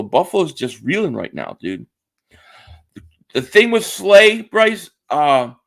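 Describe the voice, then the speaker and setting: The speaker, a sports stream host from around Philadelphia, has a high voice with vocal fry and a fairly bright tone. During his casual live stream he talks football, welcomes chat viewers, and frequently says the same things again.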